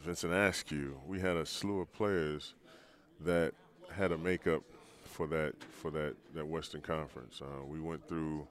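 A man in his sixties, a former pro athlete, telling stories in a podcast interview with a relaxed, rambling manner. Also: a bass voice, a little slow. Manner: relaxed, rambling, frequent restarts and laughs. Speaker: former pro basketball player, guest.

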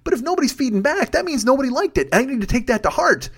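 A man doing a fast, profane, rambling monologue. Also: extremely high pitch, big pitch swings, a bit bright, breathy edge. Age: 40s. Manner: profane, rambling, self-deprecating. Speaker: comedy podcast host.

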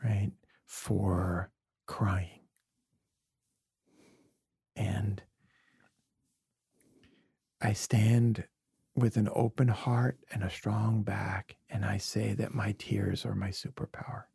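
A man from Brooklyn, a podcast guest, telling reflective personal stories in an earnest, heartfelt way, sometimes dropping to a soft near-whisper. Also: fairly low pitch, steady tone, drawn-out words, creaky, pauses often, breathy edge, no echo, studio quality. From Brooklyn, USA. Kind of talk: earnest conversational storytelling.

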